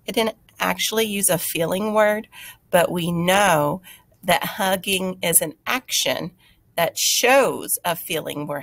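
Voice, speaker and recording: A woman teacher giving a recorded writing lesson to young children, explaining step by step in a patient, encouraging way. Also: mid-range voice.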